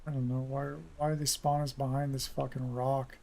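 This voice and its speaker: A man's voice: mid-range voice, flat delivery, normal speed, creaky, warm tone. A young man giving casual commentary while playing a naval game, muttering and swearing at what happens. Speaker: gaming streamer.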